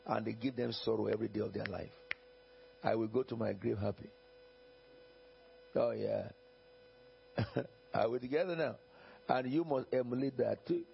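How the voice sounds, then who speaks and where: A man's voice: mid-range voice, normal speed, creaky, pauses often, a little hiss or hum. A man preaching a sermon as pastor, emphatic and repetitive, often chuckling and checking in with the congregation. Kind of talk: sermon with Bible reading. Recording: dull lo-fi recording.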